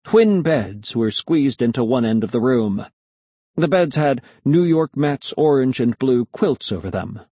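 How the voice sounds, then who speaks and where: A man narrating a children's story in the first person. His voice is slightly husky and his pitch moves with lively expression. The recording is close and dry. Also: a little slow, no room sound. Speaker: audiobook narrator.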